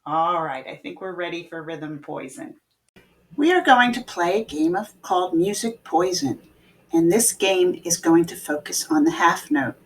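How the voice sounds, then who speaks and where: Her voice fairly low, animated and at a normal speed, this woman teaches music online, patiently walking students through note values. She sings the rhythms, chants syllables for them to echo, and throws in playful game calls.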